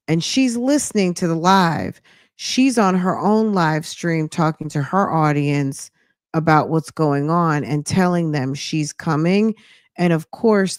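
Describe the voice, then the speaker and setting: A woman's voice: sits low, no echo, studio quality. A woman hosting a podcast, chatting casually as she retells what happens in the clips. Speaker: podcast host. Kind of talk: casual true-crime commentary.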